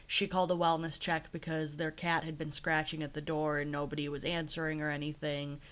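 A woman's voice: deep voice, little pitch movement, fairly quick, a bit bright. A woman co-hosting a casual podcast, retelling a TV episode in a chatty storytelling way. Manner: chatty storytelling, acting out quotes. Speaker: podcast co-host recapping a TV episode. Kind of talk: casual chat.

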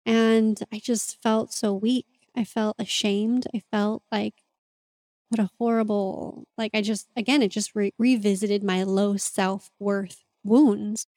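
Earnest woman with a warm, mellow voice. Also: medium pitch, flat delivery, slow, no echo. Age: adult parent. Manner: earnest, open and confessional. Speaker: podcast host and mentor. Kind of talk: reflective podcast monologue.

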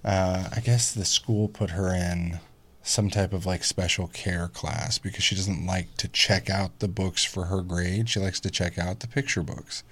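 A man in his thirties chatting casually as a podcast guest, telling family stories animatedly, swearing freely and mimicking squeaky kid voices. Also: steady tone, a little slow, fairly bright tone. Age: 30s. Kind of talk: casual chat.

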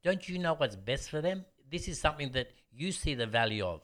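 A man's voice: on the high side, brisk. A man, a martial arts teacher telling stories bluntly in casual interview chat. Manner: animated storyteller, blunt.

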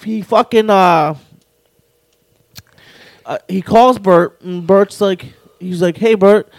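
A man's voice: high voice, slow, creaky, dry recording. A man co-hosting a podcast, telling a crude story in casual chat and laughing as he goes. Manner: laughs while telling, acts out others' lines. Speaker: podcast co-host.

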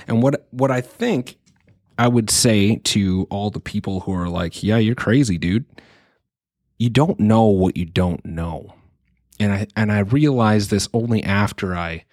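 A man's voice: deep voice, a little mellow, no echo, clean studio sound. A man in his thirties hosting a podcast, speaking earnestly in a reflective solo monologue and thinking aloud with frequent restarts.

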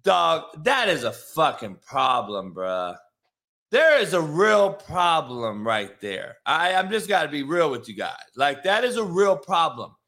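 A man's voice: fairly high pitch, measured pace. A man hosting a sports talk show, brash and profane, ranting about the news. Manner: brash, swearing, animated.

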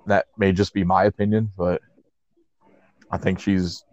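A laid-back man co-hosting a podcast, his voice sitting low. He laughs easily and leans on "like" as he talks. The sound is dry and a bit muffled and lo-fi. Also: flat delivery, unhurried, darkish tone, dry recording. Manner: laid-back, laughs often, peppers speech with "like". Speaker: podcast co-host. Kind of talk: casual chat recapping wrestling. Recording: muffled lo-fi audio.

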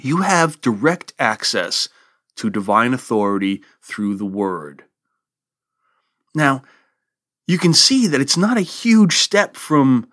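A man's voice: medium pitch, sing-song, slow, fairly bright tone. A man hosting a history podcast, giving a scripted talk in a lecturing manner with dry asides.

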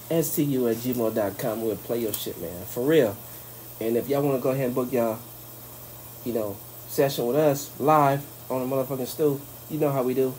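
A woman's voice: very deep voice, warm tone, a little hiss or hum, low-quality recording. A woman hosting a podcast, talking in loose, joking, profane banter. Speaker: podcast host. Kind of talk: casual chat.

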